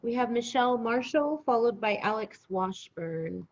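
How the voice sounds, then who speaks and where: Brisk woman calling speakers, dull audio. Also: fairly high pitch, expressive. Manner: brisk, procedural. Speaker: meeting clerk. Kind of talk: procedural announcements.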